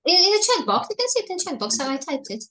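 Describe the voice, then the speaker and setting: A woman's voice: extremely high pitch, very animated, quick pace, sharp tone. Woman teaching English on a video call. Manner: explaining patiently, asking students questions. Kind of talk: online language lesson.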